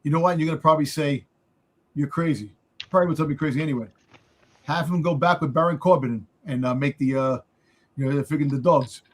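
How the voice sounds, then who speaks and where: Rambling, excitable male co-host. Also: fairly high pitch, quick pace. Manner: excitable, rambling, repeats words. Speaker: podcast co-host. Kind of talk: casual wrestling chat.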